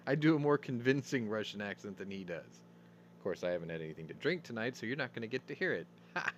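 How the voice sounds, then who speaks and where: A man's voice: on the low side, very animated, fairly quick, highs cut off, a little hiss or hum. A man hosting a casual news commentary show, rambling and opinionated, swearing as he talks. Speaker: host.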